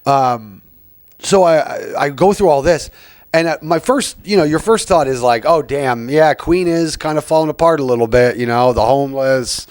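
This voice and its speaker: A man's voice: on the high side, moderate pace, a little mellow, no room sound. Rambling, profane man. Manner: rambling, profane, frequent fillers. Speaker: podcast host. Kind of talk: casual rant.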